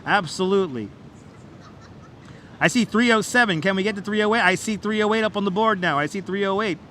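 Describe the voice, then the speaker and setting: Fairly quick and chatty, the livestream host auctioneers his way through like counts as he gives live walking-tour commentary across a city bridge, playful and repetitive with viewers. His high voice sounds bright and forceful. Faint traffic hums behind him, captured outdoors by a wireless clip-on mic.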